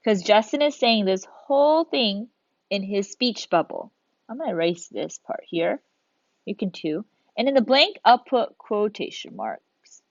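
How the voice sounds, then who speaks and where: A woman's voice: mid-range voice, sing-song, a little slow. A woman teacher recording a lesson for young students, guiding them step by step in an encouraging way. The room sound is dry and close, with no echo. The audio is a little dull, like a simple home recording. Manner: encouraging, talks students through each step. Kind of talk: recorded video lesson for children.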